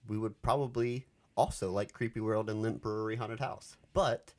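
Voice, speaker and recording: A man's voice: lowish voice, steady tone, normal speed, darkish tone. A man co-hosting a haunt podcast in casual, joking chat. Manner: joking, laid-back. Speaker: podcast co-host.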